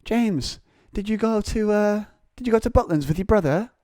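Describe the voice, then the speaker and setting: A man's voice: high-pitched, moderate pace, mellow, dry recording, clean studio sound, pitched above the performer's own voice, close to an everyday voice. A man voicing a fussy, chirpy middle-aged female schoolteacher with a sing-song, repetitive way of talking.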